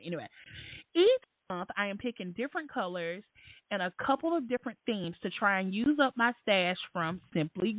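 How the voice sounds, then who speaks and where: A woman voicing a chirpy, country-voiced woman who posts planner challenges, speaking in a bright sing-song twang. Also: fairly high pitch, no echo. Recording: dry, tinny phone-like line.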